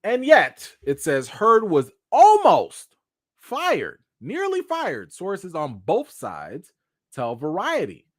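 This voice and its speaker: A man hosting a live commentary chat, talking in an animated, slangy way. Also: fairly high pitch, slow pace, no echo, clean studio sound. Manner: animated, slangy, acts out quotes. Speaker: host.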